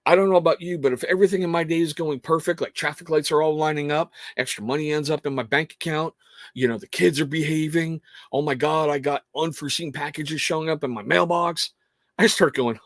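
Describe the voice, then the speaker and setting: A man's voice: a little high, fairly even intonation, fairly quick, dry recording, clean studio sound. A man hosting a casual livestream, talking in a rambling, earnest way with frequent restarts. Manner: rambling, self-interrupting, earnest. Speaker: livestream host.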